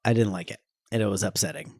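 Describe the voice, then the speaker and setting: A man's voice: fairly low pitch, steady tone, quick pace, creaky, darkish tone, husky, no echo, studio quality. A man co-hosting a comedy podcast, chatting casually with laughs and casual swearing. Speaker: podcast co-host. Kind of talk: casual chat.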